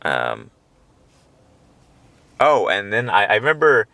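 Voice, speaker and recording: A podcast host with a lowish voice rambles through a profane comic monologue, chuckling at his own asides, his pitch swinging wildly as he speaks slowly with vocal fry in a pushed, bright tone. He taped it on a handheld portable recorder in a parked car at night. The sound is dry.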